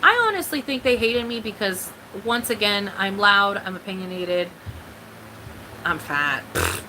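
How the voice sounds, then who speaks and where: Young mexican-born woman venting on stream, swears a lot, bright sharp voice, a bit of hiss behind. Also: medium pitch, unhurried, rough recording. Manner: blunt, profane, animated ranting. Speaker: vlogger. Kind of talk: casual live-stream chat.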